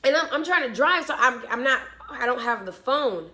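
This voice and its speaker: Bright-voiced young woman telling a story. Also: on the high side, normal speed. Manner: animated, swearing, breathless retelling. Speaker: vlogger. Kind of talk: storytime vlog.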